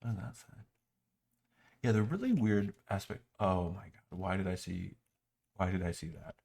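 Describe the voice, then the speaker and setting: This man reviews software over a screen recording, muttering sarcastically and sounding exasperated as he clicks through an app. He talks at a normal speed in a low, gravelly, slightly mellow voice.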